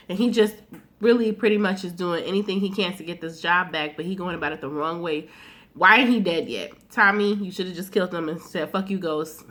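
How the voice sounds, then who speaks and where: A woman's voice: on the low side, fairly bright tone. A woman recapping a TV episode in a loose, chatty way, with plenty of fillers, slang and swearing. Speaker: TV recap vlogger.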